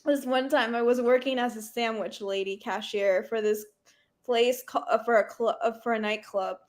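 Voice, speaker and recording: High-voiced giggly woman. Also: steady tone, normal speed. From Nebraska, USA. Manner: giggly, chatty, snorting laughs. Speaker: co-host of a live tarot and reading stream. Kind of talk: casual live-stream chat.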